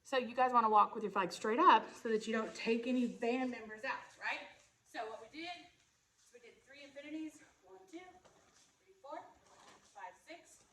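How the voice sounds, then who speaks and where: A woman's voice: fairly high pitch, moderate pace, far from the mic, crowd noise. A woman teaching color guard flag choreography, counting beats aloud and checking in with "okay?" and "right?" as she demonstrates. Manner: demonstrating moves while talking. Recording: echoey space, voice from off-mic.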